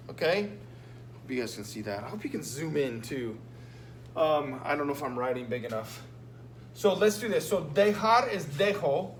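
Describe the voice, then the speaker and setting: A man teaching Spanish, walking his students through a written exam with patient, repetitive explanations and frequent "okay?" check-ins. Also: on the high side. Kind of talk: recorded lesson going over a written exam. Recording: echoey room with faint hum.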